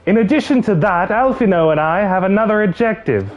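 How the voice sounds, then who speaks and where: A man's voice: high voice, expressive, a little fast, pitched above the performer's own voice. A man reading as a composed young woman ally. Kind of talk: voicing game cutscenes on stream. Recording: slightly muffled with game music.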